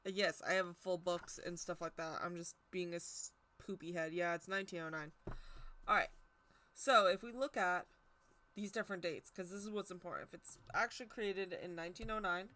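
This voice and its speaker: A woman's voice: on the low side, moderate pace, pushed and bright. A woman giving a casual, chatty history talk on tarot, stumbling over hard names and poking fun at herself. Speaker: tarot teacher.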